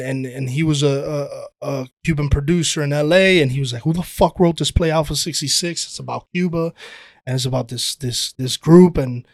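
A man chatting casually as a podcast guest, telling animated stories, swearing freely and calling people "dude". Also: a little high, no room sound, studio quality. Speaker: guest, actor and playwright.

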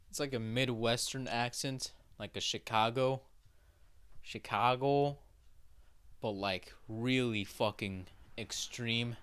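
A man's voice: mid-range voice, a bit bright, clean tone. A man hosting a podcast in a casual monologue, rambling with many fillers, casual swearing and repeated checks of "right?". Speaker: podcast host.

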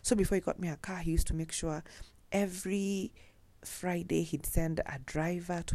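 A woman's voice: fairly low pitch, fairly even intonation, moderate pace, dark tone. A young Kenyan woman chatting casually and telling personal stories, mixing in Swahili phrases and laughing often. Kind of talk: casual storytelling.

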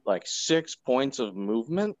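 A man's voice: mid-range voice, big pitch swings, unhurried, darkish tone. A man co-hosting a podcast, casually recapping a cartoon episode in a rambling, laid-back way with lots of filler words, over a computer mic on a video call. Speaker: podcast co-host. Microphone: home computer mic on a video call.

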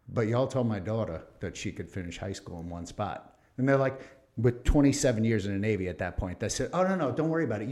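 A man in his fifties, a retired Navy officer as the guest in a casual interview, telling stories and acting out the voices of people he quotes. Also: medium pitch. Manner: animated storyteller acting out quoted exchanges.

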